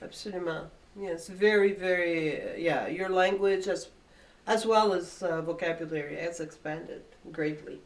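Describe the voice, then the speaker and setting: Female co-host, Canadian French accent, sits back from the mic, animated and encouraging. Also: fairly low pitch, a little slow, distant mic. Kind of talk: casual chat.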